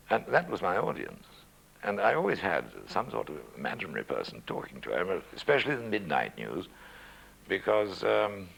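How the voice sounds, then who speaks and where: An older man with a very deep, gravelly voice looks back on his broadcasting days in a dry, self-mocking way. His pitch moves a great deal as he tells his stories. A faint hum sits under the recording. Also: a bit bright, poor audio. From Scotland, raised in England. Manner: measured, wry, self-deprecating. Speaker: interviewee, former radio newsreader. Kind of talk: reminiscing interview. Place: at home.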